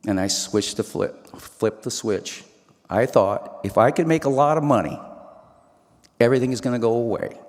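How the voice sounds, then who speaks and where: A man's voice: mid-range voice, normal speed, darkish tone. A man telling his life story in a hall. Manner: earnest storyteller with quoted dialogue. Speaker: speaker. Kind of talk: personal life story talk. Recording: hall reverb.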